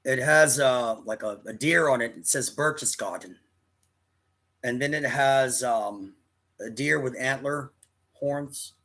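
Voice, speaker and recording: A man's voice: medium pitch, takes it slowly, a bit bright. A man in his fifties casually telling a personal story to camera, rambling and often restarting his sentences. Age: 50s. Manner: rambling, with frequent restarts and self-corrections.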